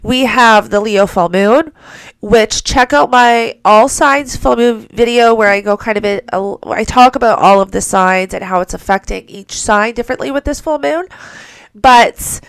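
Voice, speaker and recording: A woman's voice: mid-range voice, smooth, dry recording. A woman with a stuffy, nasal voice from a cold, giving a chatty, rambling weekly astrology forecast to her channel. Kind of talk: casual weekly forecast talk to camera.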